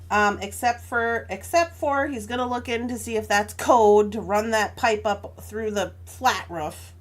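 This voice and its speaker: On the high side and slow-paced, this young adult woman's voice carries a casual story on her crafting stream. She acts out both people in an argument, laughing often along the way.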